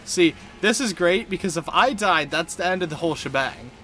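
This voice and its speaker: An excitable man talks through a video game with a fairly high, lively voice that swings up and down. He exclaims often and swears freely as he plays. Faint game music hums behind him. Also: normal speed. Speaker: video game let's-player. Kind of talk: casual gameplay commentary.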